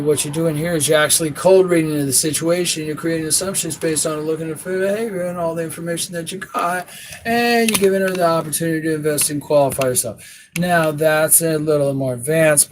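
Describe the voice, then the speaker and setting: A blunt, foul-mouthed male dating coach talks in a slightly high voice, switching into quick acted-out exchanges with women. His voice has a little background noise under it. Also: rough recording. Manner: crude, blunt, profane; acts out both sides of bar conversations. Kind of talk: casual instructional talk.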